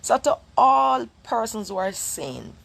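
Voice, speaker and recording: A woman's voice: a little high, very animated, slow, gravelly. A middle-aged Jamaican woman with a Jamaican accent, addressing viewers as a mother in an emphatic, declaring way.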